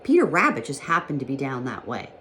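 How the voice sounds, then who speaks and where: A woman teacher with a low, warm voice reads a children's storybook aloud. She tells it in a gentle, expressive way. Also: quick pace, slight background noise.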